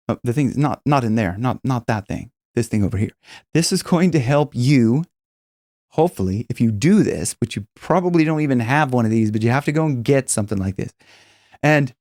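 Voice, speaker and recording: A man's voice: fairly high pitch, darkish tone, dry recording, studio quality. A man teaching singing in a casual, rambling way, with many restarts and demonstrations. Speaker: vocal coach.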